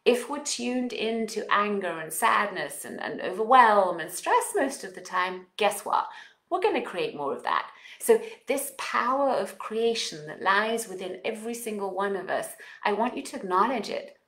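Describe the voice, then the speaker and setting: Expressive woman coaching, echoey room. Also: medium pitch, moderate pace. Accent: non-native English accent. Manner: expressive, coaching, with call-and-repeat affirmations. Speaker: parenting coach. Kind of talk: guided self-help talk with exercises.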